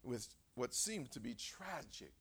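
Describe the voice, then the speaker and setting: A man preacher delivering a sermon, animated and quizzing his congregation with direct questions. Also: mid-range voice, measured pace, slightly rough.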